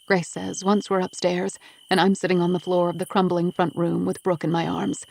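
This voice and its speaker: A woman's voice: fairly low pitch, level tone, moderate pace, vocal fry. A woman narrating a first-person audiobook with an intense, emotional delivery.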